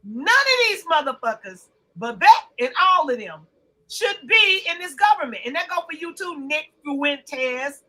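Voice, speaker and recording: A woman co-hosting a podcast in casual chat, profane and emphatic, rising to loud outbursts. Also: high-pitched, very animated, measured pace, low-quality recording. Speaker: podcast co-host.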